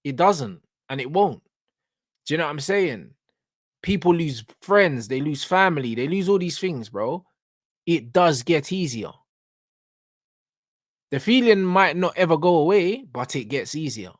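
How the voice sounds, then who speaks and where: A man's voice: on the high side, sing-song, a little slow, pauses often, dry recording, clean studio sound. A man with a London accent hosting a reaction show, ranting emphatically in street slang and checking in with his listeners again and again. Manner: emphatic, street slang, keeps asking "you get me".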